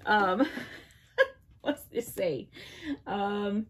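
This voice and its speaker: A woman's voice: mid-range voice, big pitch swings, extremely slow. A woman hosting a casual unboxing video, cooing playfully at her cat and laughing often. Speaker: vlog host.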